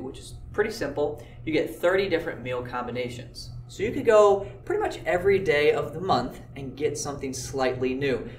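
A man's voice: on the high side, reverberant, far from the mic, a little hiss or hum. A man teaching a math lesson, explaining step by step in an easygoing way with occasional filler words. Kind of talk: classroom lecture video.

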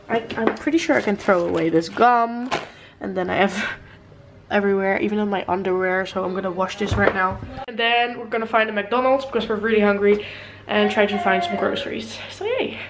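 A young woman chats through a casual vlog as she films a new apartment on a handheld camera. She laughs often and swears offhandedly. Her voice sits at an average pitch for a woman, with a faint hiss of background noise. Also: moderate pace. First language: Dutch. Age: young adult. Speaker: vlogger.

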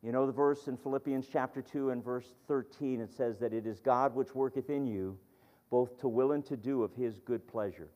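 A man preaches earnestly, reading scripture and building emphasis as he tells a story. His mid-pitched voice rings with a long reverb in a church hall. The recording is dull and lo-fi. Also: moderate pace. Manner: earnest, reads scripture aloud, tells stories with rising emphasis. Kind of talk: sermon.

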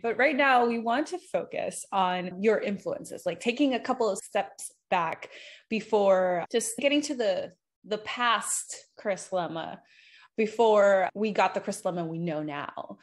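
A woman's voice: mid-range voice, lively intonation, measured pace. Brief: young female host, playful, chatty, laughs easily, mid-range voice. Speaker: podcast host. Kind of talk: casual interview chat.

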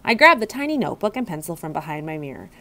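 A woman reading a children's book aloud with expressive storytelling. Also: low voice, fast talker, creaky. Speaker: reader.

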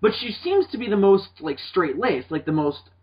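A man's voice: high voice, big pitch swings, moderate pace, husky. A young man hosting a podcast in casual chat, rambling and swearing often. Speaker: podcast host. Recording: dull lo-fi podcast audio.

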